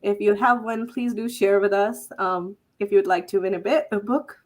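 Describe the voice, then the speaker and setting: A woman's voice: mid-range voice, moderate pace. A woman in her thirties hosting a casual live-stream chat, laughing often and stumbling over her words. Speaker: host.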